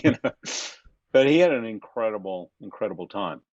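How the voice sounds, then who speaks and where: A man's voice: fairly low pitch, fairly quick, no room sound, lo-fi sound. Man telling a story, dry. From Australia. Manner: animated, acts out quoted voices of others. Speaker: guest. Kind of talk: reflective storytelling in conversation.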